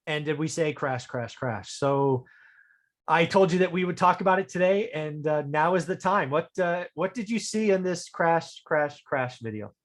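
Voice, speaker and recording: A man's voice: a little high, normal speed. A man hosting a podcast, chatting and joking as he tells stories about investing. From Fresno, California. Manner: joking, conversational storyteller. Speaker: podcast host. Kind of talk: casual podcast chat.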